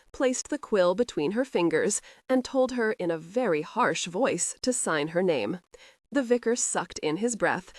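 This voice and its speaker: A woman narrating a romance audiobook in a measured storytelling manner. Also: mid-range voice, no room sound, clean studio sound. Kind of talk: scripted narration.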